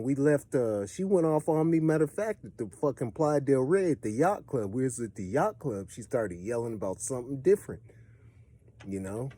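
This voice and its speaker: A man with a Los Angeles accent telling a street story in a profane, streetwise way, swinging between animated bursts and low, muttered asides. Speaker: storyteller giving advice. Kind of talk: casual storytelling monologue.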